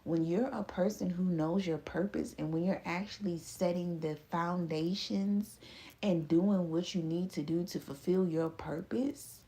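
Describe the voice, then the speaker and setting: A woman delivers a loose, profane pep talk to her listeners. Her voice sits low with a gravelly fry and a dark, mellow tone. She laughs between lines and stretches some phrases out slowly before rushing others. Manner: profane, laughing, swings between drawn-out and rushed. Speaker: spiritual reader. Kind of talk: casual motivational monologue.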